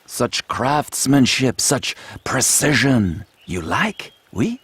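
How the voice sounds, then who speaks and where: An actor playing a proud, flattering gunsmith with a French accent, in a video game. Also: male voice, medium pitch, takes it slowly, husky, exaggerated voice. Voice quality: fawning, theatrical salesman manner.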